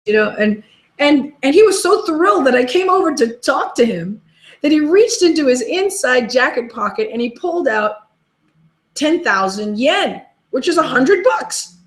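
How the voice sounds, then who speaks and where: Woman, webinar host, motivational talk, chatty storytelling, slightly high voice, roomy echo. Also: expressive, normal speed. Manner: chatty storytelling, repeats key question. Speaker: webinar host and life coach.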